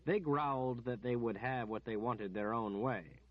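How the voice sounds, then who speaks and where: A man narrating an audiobook in a steady, measured storytelling manner. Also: mid-range voice, highs cut off.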